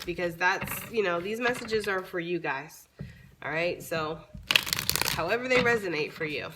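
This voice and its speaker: A woman doing a casual tarot reading for her viewers, chatty and informal, swearing freely, her voice a little raspy from long talking. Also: mid-range voice, very noisy. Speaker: tarot reader.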